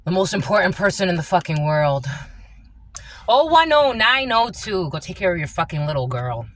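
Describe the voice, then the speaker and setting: A woman's voice: sits low, big pitch swings, moderate pace, long pauses. A woman giving a tarot reading as a channeler, blunt and profane, laughing often.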